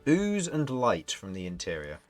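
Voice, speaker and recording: A man's voice: mid-range voice, huge pitch swings, moderate pace, faint music behind. A man narrating as dungeon master, businesslike and steadily prompting the players for their rolls. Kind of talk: narrating a tabletop game.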